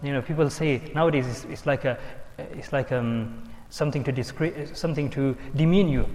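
A man's voice: medium pitch, moderate pace, darkish tone, long reverb tail. A man preaching a sermon, telling stories and mixing in Urdu and Arabic quotations. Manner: storytelling, switching between English, Urdu and Arabic quotations. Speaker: Islamic preacher.

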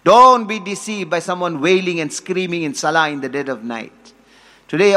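A man giving a sermon, telling stories, quoting Arabic, and building to forceful emphasis. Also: high-pitched, moderate pace. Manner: storytelling, quotes Arabic, rises to forceful emphasis. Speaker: preacher.

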